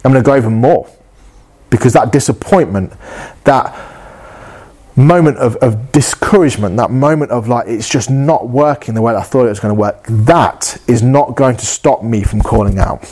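Male preacher, mid pitch, earnest and passionate, restarts phrases as he builds his point. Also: moderate pace, a little mellow. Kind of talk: sermon.

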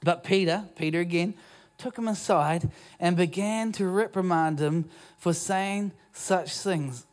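Fairly high-voiced New Zealand pastor preaching. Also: male voice, a little slow. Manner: conversational, self-deprecating preaching with restarts. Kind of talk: sermon. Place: church auditorium.

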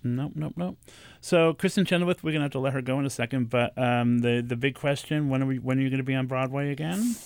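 A man's voice: mid-range voice, fast, hardly any pauses, clean tone, no echo. Gushing male radio host. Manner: gushing and complimentary, with many fillers. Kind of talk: casual interview chat. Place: radio studio.

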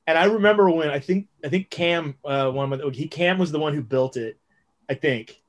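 A man's voice: on the high side, moderate pace. Male podcast co-host, thirties, loose rambling delivery with plenty of swearing. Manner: rambling, profane, animated storytelling. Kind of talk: casual chat.

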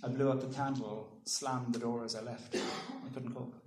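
A man giving a thoughtful public talk, pausing and restarting, and reading a poem aloud. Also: medium pitch, fairly even intonation, slight background noise. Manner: thoughtful, halting with ums and restarts. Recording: roomy echo.

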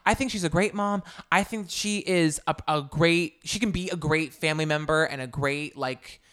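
A woman's voice: low-pitched, normal speed, fairly bright tone, clear, resonant tone. A woman co-hosting a casual chat, opinionated and emphatic, laughing often. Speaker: podcast co-host. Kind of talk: casual chat about reality TV.

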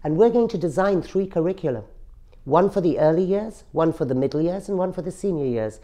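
A woman's voice: on the low side, animated, a little fast, warm tone. A middle-aged woman speaking earnestly as an interview guest, stressing her words and sometimes restarting. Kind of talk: emotional personal interview.

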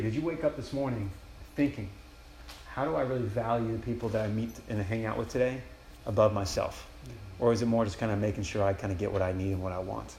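Young male campus preacher, quick and casual, echoey room with faint background hum. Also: on the low side, vocal fry, darkish tone. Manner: casual, enthusiastic, talks in quoted inner prayers. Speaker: campus ministry speaker. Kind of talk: retreat sermon.

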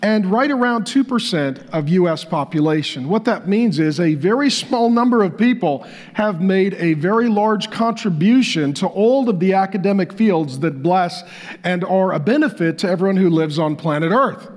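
A male pastor delivering a sermon, reading facts aloud and breaking into animated, joking asides. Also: sits high, moderate pace. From Irish descent.

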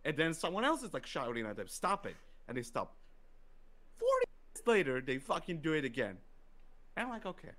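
A man telling a story in casual podcast chat, profane and animated, acting out quotes. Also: on the high side, fairly quick, long pauses.

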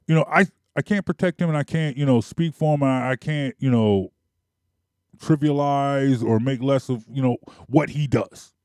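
Philly-sports talker, opinionated and insistent, mid-pitched, dry sound. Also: male voice, normal speed, darkish tone, dry recording. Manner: emphatic, repetitive, argumentative. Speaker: sports commentator.

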